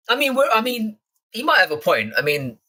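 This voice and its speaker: A man's voice: high-pitched, bright, forceful tone. A young man with a London accent hosting a live stream chat, casually swearing and teasing the viewers in his chat.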